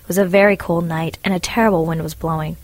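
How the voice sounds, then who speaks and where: Woman calmly reading a storybook. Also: fairly low pitch, fast, no room sound, rough recording. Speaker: narrator. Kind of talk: scripted storybook narration.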